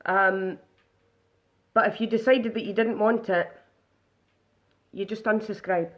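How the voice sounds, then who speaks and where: A woman's voice: mid-range voice, steady tone, a little slow. A woman chatting casually through a live makeup demonstration, narrating each step aloud.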